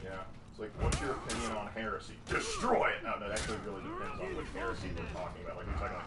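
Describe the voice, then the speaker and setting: A man co-hosting a game stream in casual chat, rambling quickly and animatedly as he reads viewer questions. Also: lowish voice, over a noisy crowd. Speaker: stream co-host reading chat. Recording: distant echoey mic with loud noise.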